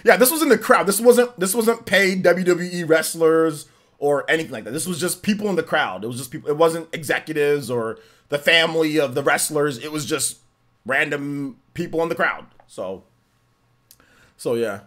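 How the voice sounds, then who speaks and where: A man with a fairly high voice talks casually to his stream viewers. He rambles, repeats phrases and laughs along as he goes. His sentences often trail off into soft mutters. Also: moderate pace. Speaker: livestream host. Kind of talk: casual live stream chat.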